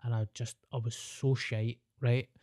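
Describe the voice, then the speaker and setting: A man's voice: mid-range voice, level tone, measured pace, darkish tone, no room sound, studio quality. A man with a Glaswegian accent, a stand-up comedian telling a story in casual podcast chat, rambling, slangy and sweary. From Glasgow, Scotland.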